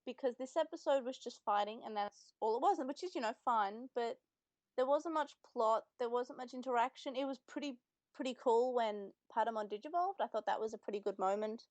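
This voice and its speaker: A woman's voice: fairly high pitch, a little fast, a little mellow, no echo. A young woman co-hosting a podcast in casual chat, retelling scenes and quoting lines. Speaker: podcast co-host.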